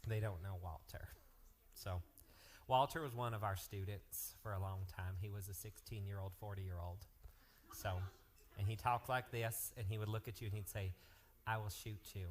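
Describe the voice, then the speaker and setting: A man working as a youth pastor, making lively, joking announcements and telling stories to a live youth group. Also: fairly low pitch, moderate pace. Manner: energetic, joking, jumps between topics.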